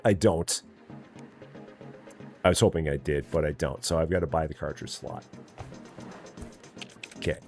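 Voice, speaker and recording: A man streaming a game live, chatting casually and often muttering quietly to himself as he works. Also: low-pitched. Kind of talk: casual live gameplay commentary.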